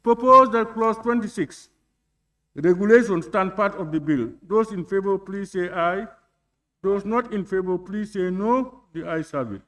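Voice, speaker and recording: A man chairing a parliamentary committee, reading clauses deliberately and putting questions to the vote. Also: high voice, fairly bright tone. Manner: deliberate, reads clauses slowly and puts questions. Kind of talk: formal procedural chairing. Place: legislative chamber.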